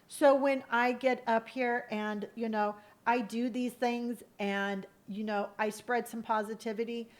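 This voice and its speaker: A middle-aged woman chats on her live stream, telling family stories in an animated, profane way. Her voice sits a little high for a woman. She talks casually and directly to her viewers. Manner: animated, profane, emotional storytelling. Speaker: streamer host.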